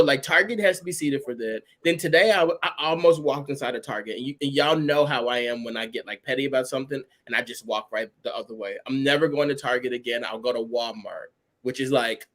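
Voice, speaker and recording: A man's voice: mid-range voice, a little fast, a bit bright. A man co-hosting a podcast, telling a long rambling story in casual chat and filling it with "or whatever". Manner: chatty, rambling, uses "or whatever" often. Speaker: podcast co-host.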